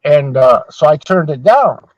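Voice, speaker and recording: A man's voice: fairly high pitch, animated, a little slow, no echo. A man in his sixties telling long, swear-filled anecdotes in casual chat as a podcast host. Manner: profane, rambling anecdotes. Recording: dull, dry sound.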